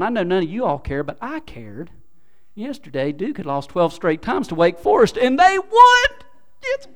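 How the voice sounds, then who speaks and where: Animated high-voiced pastor. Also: male voice. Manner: swings from quiet muttering to loud exclaiming; repeats words, restarts phrases. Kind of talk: sermon.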